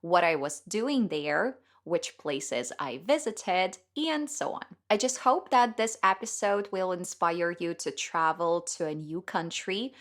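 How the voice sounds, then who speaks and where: A cheerful young woman whose first language is Russian speaks clearly and deliberately, as if to English learners. Her voice sits a little low for a woman, and she hosts a scripted podcast monologue. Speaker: English teacher and podcast host.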